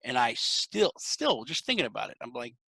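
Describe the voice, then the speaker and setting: A man's voice: medium pitch, moderate pace, vocal fry, husky, dry recording. A man hosting a podcast interview, chatting casually and acting out the people he quotes as he tells a story. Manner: animated storytelling, acts out quoted reactions. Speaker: podcast host.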